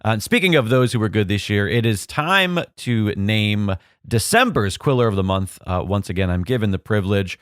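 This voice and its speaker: A man who produces a podcast, talking in a relaxed, casual way with frequent "uh" fillers. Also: fairly low pitch, moderate pace, clean tone, no echo, clean studio sound. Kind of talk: casual chat.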